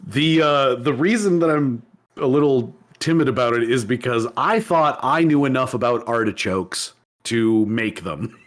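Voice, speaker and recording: A man's voice: mid-range voice, unhurried. A man co-hosting a podcast in casual chat, rambling with restarts and laughing often. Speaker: podcast co-host.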